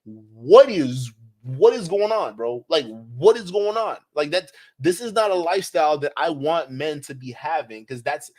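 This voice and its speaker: Profane, excitable man reacting to clips. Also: fairly high pitch, moderate pace. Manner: excitable, profane, outbursts of disbelief and laughter. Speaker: reaction video host. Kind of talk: casual reaction commentary.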